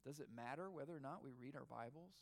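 A man's voice: medium pitch, quick pace, gravelly. A man preaching a sermon as pastor, pressing his listeners with repeated questions and emphatic points. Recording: long hall reverb.

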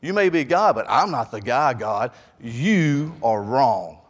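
A man voicing the elderly Moses as an eager, then doubting, old man in a sermon, loud and exaggerated. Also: medium pitch, lively intonation, slow pace, long reverb tail.

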